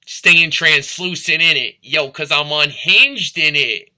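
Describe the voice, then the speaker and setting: A man's voice: on the high side, slow, bright, forceful tone. A man from St. Louis talking in a rambling, profane, stream-of-consciousness monologue that drifts between topics and into freestyle rhymes. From St. Louis, Missouri.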